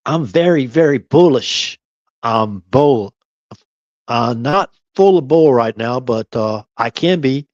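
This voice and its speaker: A man's voice: mid-range voice, animated, slow, a little mellow, no echo, lo-fi sound. A man hosting a late-night live stream, rambling and chuckling to himself and keeping his voice down at times. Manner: meandering, chuckling, talks half to himself; keeps voice down at times.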